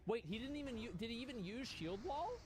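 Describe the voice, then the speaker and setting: Brief: young male game streamer, high and very animated voice, exasperated and profane. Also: fairly quick, over music. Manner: exasperated, swearing, stammering. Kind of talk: live gameplay commentary.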